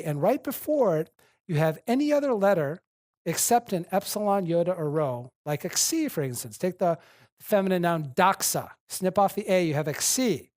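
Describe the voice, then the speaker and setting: Brief: steady, methodical lecturer, mid-range voice, dry close sound. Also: mid-range voice, dry recording. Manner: methodical, spells out and repeats paradigms. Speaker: Greek teacher. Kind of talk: classroom lecture.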